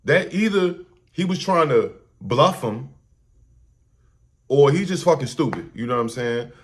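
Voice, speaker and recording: A man's voice: medium pitch, lively intonation, measured pace. A man hosting a casual reaction commentary, talking loosely in slang and profanity with many restarts and repeated words. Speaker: host.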